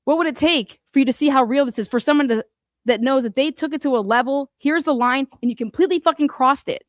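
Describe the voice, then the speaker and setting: A woman's voice: high-pitched, fast talker, no room sound, clean studio sound. A woman giving angry, profane commentary on a court case, firing rhetorical questions straight at the people she talks about. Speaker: commentary host.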